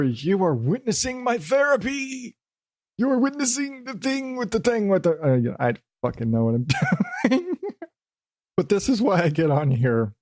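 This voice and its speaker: A man's voice: medium pitch, mellow, no room sound, studio quality. A middle-aged man hosting a solo podcast, rambling and self-deprecating, swearing casually and dropping into silly voices now and then. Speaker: podcast host.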